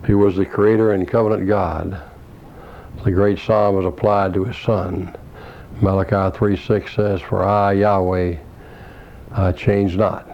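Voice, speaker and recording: A man preaching a scholarly sermon, reading and quoting from commentaries in a measured way with brief asides. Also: sits low, level tone, highs cut off.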